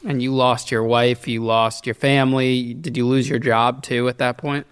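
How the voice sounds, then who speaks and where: A man's voice: medium pitch, little pitch movement, normal speed, smooth. A man hosting a podcast interview, asking direct and probing questions. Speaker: podcast host.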